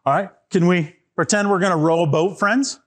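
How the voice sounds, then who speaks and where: A man telling a Bible story to children, animated and getting them to act parts out and answer questions. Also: sits high, a little fast. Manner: animated, asks kids to join in with actions.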